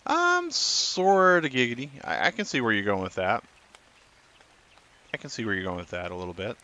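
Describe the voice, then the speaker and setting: Male streamer, low bright voice, talks through gameplay and chats with viewers. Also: expressive, brisk. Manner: chatty, reads and answers chat. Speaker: gaming streamer. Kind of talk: live gameplay commentary.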